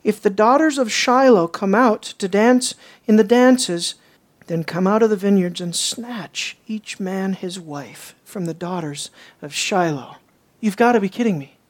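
A woman pastor preaching a sermon, telling stories and acting out the people in them. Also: unhurried. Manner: animated storytelling, acts out characters with jumps in pitch.

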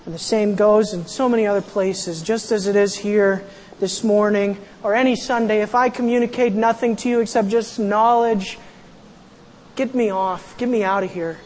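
A pastor preaching a sermon in a church, animated, acting out quotes and raising the voice for emphasis. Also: mid-range voice, normal speed, slight background noise. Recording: long hall reverb.

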